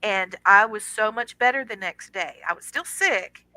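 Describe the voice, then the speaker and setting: A middle-aged woman tells a personal story as a radio guest, animated and dramatic, slipping into the voices of the people in it. Her voice is very bright and cutting, and the close mic is completely dry. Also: medium pitch, moderate pace, no echo, poor audio. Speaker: guest on a paranormal radio show. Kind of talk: casual storytelling.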